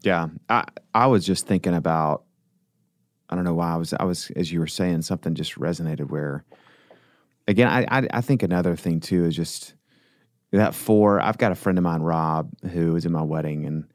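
A man's voice: sits low, normal speed, no echo, studio quality. A man talking earnestly and reflectively in a casual conversation, rambling with frequent restarts and fillers.

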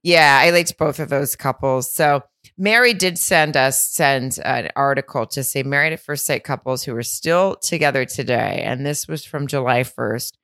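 A woman co-hosting a podcast in casual chat, blunt and quick to swear. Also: extremely low pitch, fairly bright tone, no echo, studio quality. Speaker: podcast co-host.

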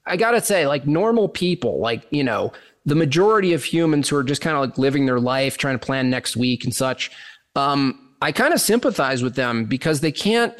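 A man's voice: mid-range voice, lively intonation, moderate pace. A man talking as a podcast guest, rambling with lots of fillers and restarts. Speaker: podcast guest, meme producer. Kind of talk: casual podcast chat.

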